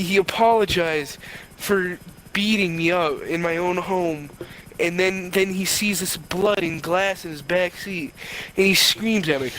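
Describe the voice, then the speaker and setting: A man's voice: high voice, a bit bright, slight background noise, low-quality recording. A young man co-hosting a podcast, narrating an improvised comic story in a rambling, crude, playful way. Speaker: podcast co-host.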